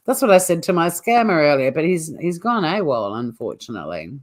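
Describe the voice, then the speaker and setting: Australian woman host, low voice with big swings in pitch, blunt, chatty live commentary. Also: big pitch swings, normal speed, hardly any pauses. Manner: chatty, blunt, laughing asides. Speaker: livestream host.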